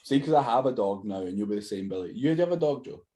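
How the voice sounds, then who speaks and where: A man's voice: fairly low pitch, animated, very fast, heavy background noise. A man, co-hosting a casual podcast, blunt and slangy, reading out listener questions. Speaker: podcast co-host. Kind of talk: casual chat.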